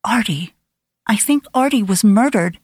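A woman's voice: mid-range voice, animated, measured pace, a little mellow, breathy edge, dry recording, clean studio sound. A woman voicing a frightened young woman who speaks with urgency in an audiobook reading. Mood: anxious. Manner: urgent, breathless pleading.

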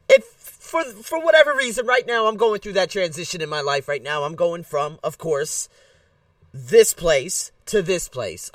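Hyped, high-pitched male podcast host. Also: no echo, clean studio sound, far from the mic. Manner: animated, blunt, hyped. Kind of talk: ranting solo podcast. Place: Bangkok.

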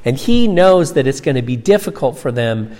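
A man preaching a sermon as pastor, emphatic, slowing down and rising on key words. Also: medium pitch, very animated, a little mellow. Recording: long reverb.

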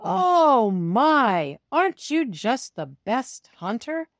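A woman voicing two farm women who talk to a cat in a bright, emphatic, sing-song way. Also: on the low side, huge pitch swings, takes it slowly, dry recording, studio quality, exaggerated voice. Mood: praising.

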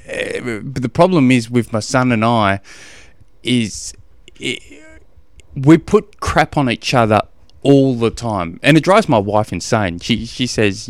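A man's voice: medium pitch, expressive, slow pace, dry recording. A middle-aged man with an Australian accent, hosting a casual solo podcast, rambling and self-deprecating, often laughing at himself. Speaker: podcast host, endurance coach.

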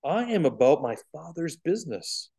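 A man voicing a young son who gently rebukes his worried parents, speaking slowly and with emphasis. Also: fairly high pitch, sing-song, vocal fry, husky, voice pushed up, heavily acted. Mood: reproachful. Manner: slow, emphatic, lightly reproachful.

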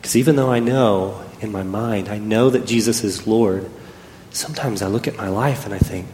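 A man preaching a sermon, telling a personal story and swinging between loud and hushed delivery. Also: lowish voice, normal speed, slight background noise. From Texas. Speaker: pastor. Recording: echoey hall with faint ambience.

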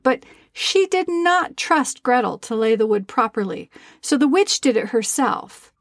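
Gravelly woman reading a fairy tale. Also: a little high. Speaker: storyteller. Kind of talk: storybook narration.

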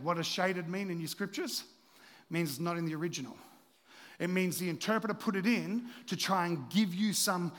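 High-voiced man preaching in a reverberant hall. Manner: animated, playful asides to the congregation. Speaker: pastor. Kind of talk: sermon. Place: church hall.

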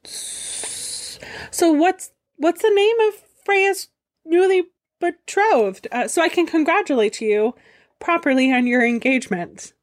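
A woman putting on a sly, overly dramatic trickster god who stammers, hedges and fumbles for words. The voice sits noticeably higher than her usual talk, and it swings up and down a lot. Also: very animated, slow pace, no echo, clean studio sound, full character voice. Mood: hesitant. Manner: hesitant, stammering, sarcastic. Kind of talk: comedic storytelling.

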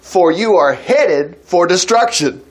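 A man's voice: sits high, lively intonation, slow, exaggerated voice. A man reading aloud the lines of a stern male angel who blocks a traveler's path. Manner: plain reading-aloud delivery.

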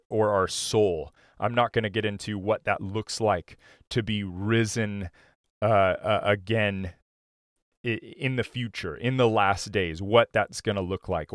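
Man, pastor, sermon, slow deliberate pace, earnest, dry recording. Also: fairly low pitch, dry recording. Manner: slow, earnest preaching with many restarts.

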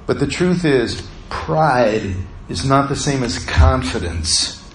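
A man preaching a sermon, telling a personal story with animated swings from hushed to loud. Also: mid-range voice, takes it slowly, reverberant, a little hiss or hum, rough recording. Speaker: lay preacher.

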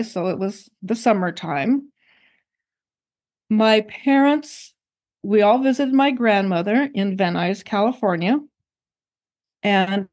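An older woman, a guest on an interview show, recounting her own memories in a reflective, unhurried way. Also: medium pitch, a little mellow. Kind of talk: personal recollection in an interview.

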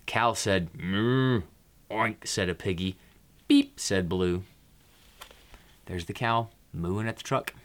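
Low-voiced man reading a picture book aloud. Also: measured pace, pauses often, a bit bright.

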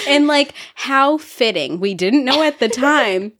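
A woman's voice: high voice, lively intonation, slow pace, fairly bright tone. A young woman co-hosting a podcast in casual chat, wry and laughing as she swears. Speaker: podcast co-host.

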